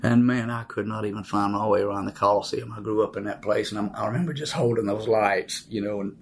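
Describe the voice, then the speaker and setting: A man, telling his life story in a halting, reflective way with many fillers. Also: fairly low pitch, steady tone, a little hiss or hum. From Mississippi, USA.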